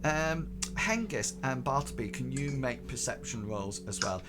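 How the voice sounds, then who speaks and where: A man's voice: medium pitch, lively intonation, measured pace, loud music behind the voice. A man narrating as game master, hesitant and full of fillers and restarts. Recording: noisy recording.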